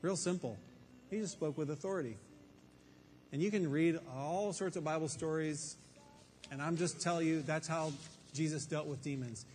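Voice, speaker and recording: A man gives a Bible teaching to people gathered in a room, his slightly high, darkish voice moving at a moderate pace with long pauses. He asks rhetorical questions in a conversational, emphatic way; faint reverb and background noise are audible.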